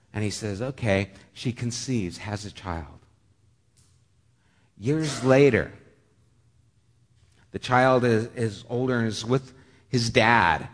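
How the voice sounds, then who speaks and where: A man preaching a sermon, telling a story with lively shifts, often dropping to a hushed voice. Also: mid-range voice, a little slow, long pauses. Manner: animated storytelling, dropping to a hush. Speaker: pastor. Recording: long hall reverb.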